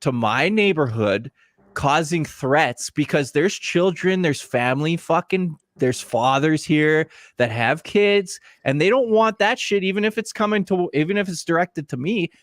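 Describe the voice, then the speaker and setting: A man's voice: on the high side, lively intonation, unhurried, no room sound, studio quality. A man from Canada, a podcast guest, talking bluntly in a profane, rambling way in casual chat.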